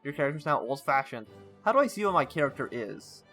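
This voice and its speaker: A man's voice: medium pitch, big pitch swings, fast, sharp tone, faint music behind. A man playing a story game, reading its text aloud with stumbles and breaking off into casual asides. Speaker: gaming channel host.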